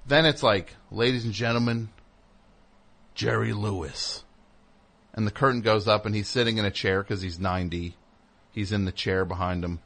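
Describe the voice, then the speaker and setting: Casual host, male, animated storyteller who acts out other voices. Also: lowish voice, a little fast. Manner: animated storyteller, mimics people in raised voices. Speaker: comedy radio host.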